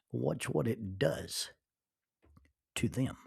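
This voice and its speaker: A man giving a reflective, faith-based talk as a podcast host, earnest and halting, often repeating words as he starts a phrase and slowing down to stress key words. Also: medium pitch, expressive, vocal fry, a little mellow, husky.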